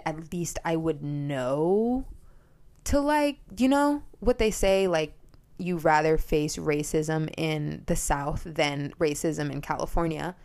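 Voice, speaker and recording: A woman's voice: low-pitched, gravelly. Blunt, swearing young woman podcaster. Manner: blunt, profane and animated. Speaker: podcast host. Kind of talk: casual monologue.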